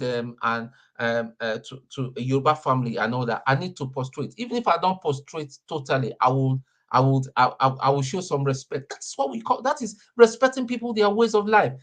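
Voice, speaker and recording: A man's voice: a little high, fairly bright tone. A man from Nigeria, calling in to an online debate, talking angrily with lots of stammered repeats. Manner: angry, repetitive, stammering. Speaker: caller. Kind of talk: heated debate.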